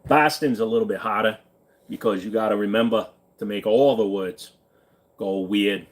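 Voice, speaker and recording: Offhand, swearing man on stream. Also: on the low side. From Virginia. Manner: offhand, swears freely, reads out chat questions. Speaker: streamer answering live chat. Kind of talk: casual live Q&A. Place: friend's pawn shop.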